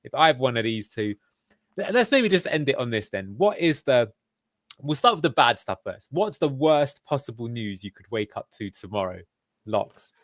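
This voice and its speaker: Male host, middle pitch, playful and leading, dry close recording. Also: sing-song, moderate pace, a bit bright, dry recording. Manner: jokey, leads the discussion. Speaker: podcast host. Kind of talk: casual football fan chat.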